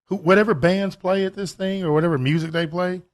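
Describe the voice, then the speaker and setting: A man's voice: high voice, brisk. A man co-hosting a podcast in casual chat, telling stories and reflecting thoughtfully. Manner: reflective, storytelling, animated. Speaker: podcast co-host.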